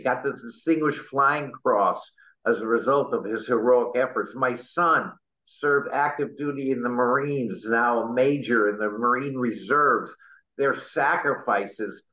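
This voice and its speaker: A middle-aged man, an interview guest, speaking earnestly and with deep feeling, at times close to choking up. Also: roomy sound, muffled recording. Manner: impassioned, patriotic, choked up at times. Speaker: interview guest, party chair candidate.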